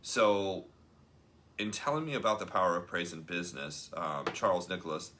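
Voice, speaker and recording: A low-voiced man talks through a book chapter on a live stream, loose and chatty, with plenty of ums. His tone is bright and forceful. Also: moderate pace. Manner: loose and chatty, many ums, reads passages aloud. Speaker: show host.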